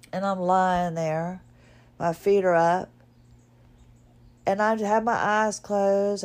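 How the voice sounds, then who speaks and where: A woman's voice: on the low side, a little mellow. A woman hosting a podcast, telling a personal story in a chatty, self-deprecating way and laughing at herself. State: wearing a neck collar, recovering from illness. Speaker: podcast host.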